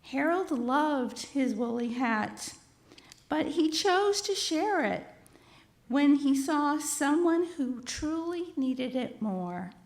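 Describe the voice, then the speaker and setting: A woman with a high voice reads a children's picture book aloud at a church service. She talks slowly and very expressively, with her pitch swinging widely, and stops now and then to speak to her listeners. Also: expressive. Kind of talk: reading a children's story aloud. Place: church sanctuary.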